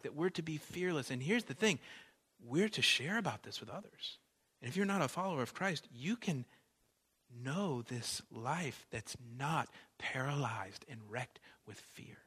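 A man preaching a sermon as pastor, animated, swinging between loud emphasis and soft asides. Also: mid-range voice, husky.

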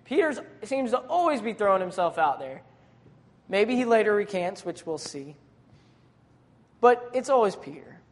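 A preacher giving a sermon in a casual, conversational way, with modern slang and lively, dramatic retellings of scripture scenes. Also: medium pitch, moderate pace, pauses often, in a large hall.

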